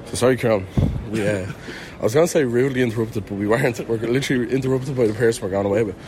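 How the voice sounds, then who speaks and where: A man's voice: medium pitch, very fast, a little mellow, a little hiss or hum. A young Irish man co-hosting a podcast, chatting in a jokey, self-mocking way while walking around a city. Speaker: podcast co-host. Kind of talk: casual travel chat. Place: outdoors and in an airport, walking through a city.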